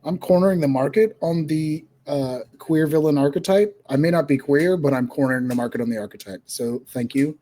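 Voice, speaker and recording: A man co-hosting a live stream, trading quick, teasing banter in casual chat. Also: fairly high pitch, warm tone. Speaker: stream co-host.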